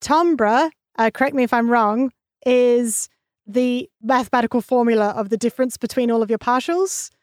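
A woman's voice: a little high, moderate pace, smooth, dry recording, clean studio sound. A young woman co-hosting a podcast, explaining things with enthusiasm. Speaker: podcast co-host. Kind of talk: casual chat on a science podcast.

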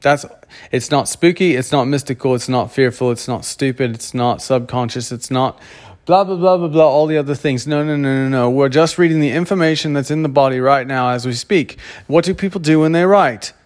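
A man's voice: mid-range voice, a little fast. A man talking to camera in a casual monologue, rambling and often stopping to search for words. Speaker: vlogger.

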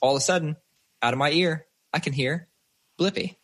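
A man, a father and podcast co-host, chatting casually and telling animated stories with plenty of swearing. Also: a little high, fairly quick, noisy background. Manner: swears freely, animated storyteller. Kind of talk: casual chat.

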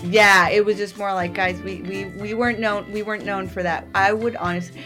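A woman in her late thirties, a podcast guest telling stories in casual chat, animated and laughing often. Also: mid-range voice, brisk, music in the background.

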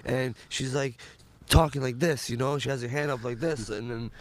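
Young man, mid-pitched voice, rapper guest, rambling, lots of fillers. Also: steady tone, moderate pace. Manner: rambling, filler-heavy storytelling with many likes and ums. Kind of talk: casual chat.

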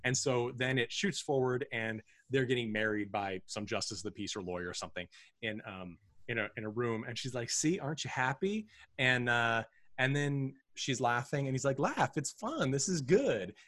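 A man's voice: mid-range voice, fairly even intonation, normal speed, a bit bright, no echo. A man co-hosting a film podcast, recapping a movie in casual chat. He rambles and restarts his sentences often, stacking fillers as he goes. His voice sits in a dry, close-miked sound. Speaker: podcast co-host.

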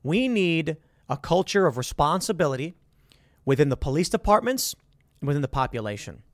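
A man's voice: on the high side, sing-song, brisk, dry recording, studio quality. A man hosting a show, bluntly voicing opinions and telling stories with quoted dialogue. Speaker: podcast host. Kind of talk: opinionated monologue with storytelling.

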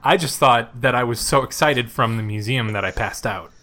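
A man co-hosting a comedy podcast, riffing in improvised banter, playful and quick to laugh. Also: mid-range voice, sharp tone. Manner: playful, quick to laugh, goes along with absurd bits. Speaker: podcast co-host.

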